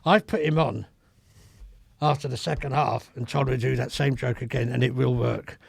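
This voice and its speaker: An older man with a gravelly voice, a comedy club veteran telling rambling, earthy stories in a casual podcast chat. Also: medium pitch, fairly even intonation, moderate pace, no room sound, clean studio sound. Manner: rambling, earthy, swears freely. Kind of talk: casual anecdotal storytelling. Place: podcast studio.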